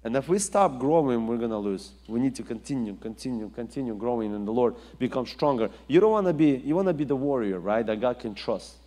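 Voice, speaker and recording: A man's voice: medium pitch, animated, brisk, few pauses, dark tone. Man preaching in an echoing hall. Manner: emphatic, rising and falling delivery with repetition. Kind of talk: sermon.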